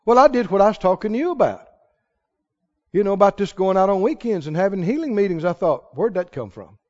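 A man preaching a sermon, telling stories in an animated way and chuckling often. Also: high-pitched, fast. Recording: reverberant hall, muffled sound.

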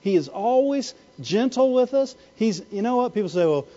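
A male pastor preaches with a high, lively voice that leaps up and down as he keeps asking the congregation for an "Amen." His tone is mellow and warm rather than sharp. The recording sounds a little dull and muffled. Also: moderate pace. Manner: animated preaching, repeated "Amen?" and "Why?" to the congregation. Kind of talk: sermon.

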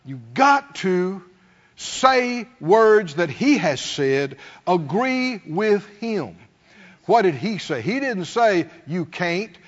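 A man's voice: high-pitched, sing-song, slow pace. A man preaching a sermon as pastor, calling out to the congregation and acting out complaining voices. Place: church sanctuary. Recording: dull sound, long hall reverb.

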